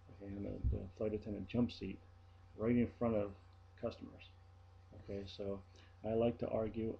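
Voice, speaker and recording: A man's voice: fairly low pitch, vocal fry, dull audio, slight background noise. A man talking casually to his viewers, telling a story in a chatty, blunt way. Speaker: vlogger and flight attendant. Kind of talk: casual vlog monologue.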